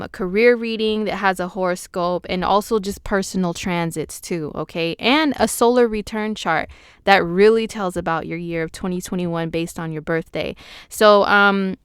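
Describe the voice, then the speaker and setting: A playful, chatty woman with a West Coast American accent, hosting a loose horoscope talk full of slangy asides. Her voice is smooth and crisp. The sound is dry and close, with no room around it. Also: medium pitch, no echo. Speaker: astrologer, channel host. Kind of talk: casual horoscope talk to viewers.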